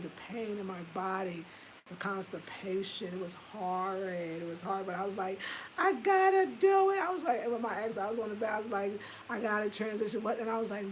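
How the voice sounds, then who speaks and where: A woman in her fifties telling a personal story in a candid, animated way, swearing casually and laughing at herself. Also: mid-range voice, background noise. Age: 50s. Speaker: home design vlogger.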